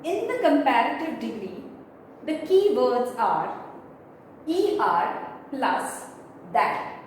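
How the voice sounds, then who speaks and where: A woman's voice: on the high side, big pitch swings, takes it slowly. A woman teaching a grammar lesson, explaining step by step and spelling out letters. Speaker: English teacher. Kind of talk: slow classroom grammar lesson. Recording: echoey room, mic far off, faint noise.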